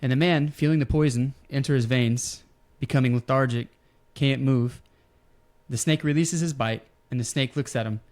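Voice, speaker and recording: A man's voice: medium pitch, moderate pace, a little mellow. A man hosting a podcast, chatting casually about wrestling and telling a long story with fillers. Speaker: podcast host.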